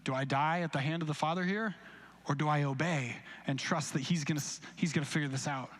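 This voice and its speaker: A young male pastor delivers a sermon live in a church with a fairly high voice. He talks in a relaxed, conversational way, slipping into quoted voices as he tells stories from his own life. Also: a little fast. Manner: conversational storytelling with acted-out quotes. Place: church sanctuary, recorded live.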